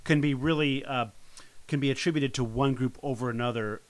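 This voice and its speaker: A man explains scripture history on a podcast in a relaxed, conversational voice. His pitch sits in the middle range, and he often backtracks and restarts his phrases as he thinks aloud. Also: brisk. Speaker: podcast co-host. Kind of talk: casual Bible-teaching podcast chat.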